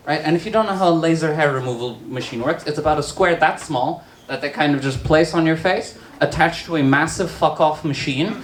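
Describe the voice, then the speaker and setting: A trans woman works through a stand-up set, telling stories with dry, deadpan asides. Her voice rings through a roomy bar, and the crowd's laughter rises around her. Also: sits low, normal speed, hardly any pauses. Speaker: stand-up comedian. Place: bar with live audience.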